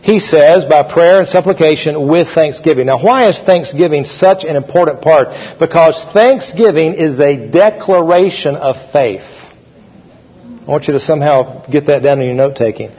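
Here the pastor's voice is husky and fairly high, at a normal speed. He speaks conversationally to the congregation and leads call-and-response, recorded in an echoey, dull-sounding hall.

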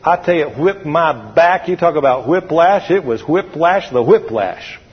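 A man's voice: fairly high pitch, lively intonation, moderate pace, slightly rough. A man preaching a sermon to a congregation, emphatic and repetitive, calling for their responses. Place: church before a congregation. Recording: dull lo-fi sound with long hall reverb.

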